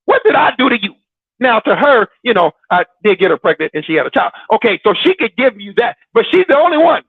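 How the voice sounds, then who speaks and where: A man's voice: very high-pitched, very animated, fast talker, slightly rough, no room sound, phone-quality sound. A man hosting a Christian broadcast, preaching in a casual, teasing way with dramatic repetition and frequent laughs. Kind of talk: sermon-like casual talk.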